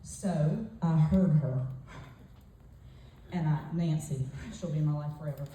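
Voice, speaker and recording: A woman's voice: sits low, unhurried, dark tone, distant mic. A woman gives a forthright, emphatic motivational talk, telling a story to a retreat audience. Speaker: motivational speaker at a sales retreat. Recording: echoey hall, voice off-mic.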